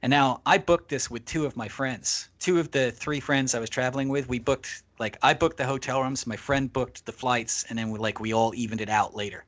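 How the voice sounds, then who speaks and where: A man's voice: mid-range voice, fairly even intonation, a little fast, hardly any pauses, fairly bright tone. A man, a podcast guest, telling a long travel anecdote in casual, profanity-laced talk. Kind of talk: casual storytelling.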